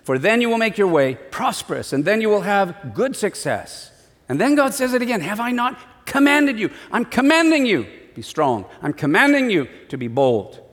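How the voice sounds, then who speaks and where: High-voiced male pastor preaching in a hall. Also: moderate pace. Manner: animated, acts out voices in stories. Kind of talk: sermon.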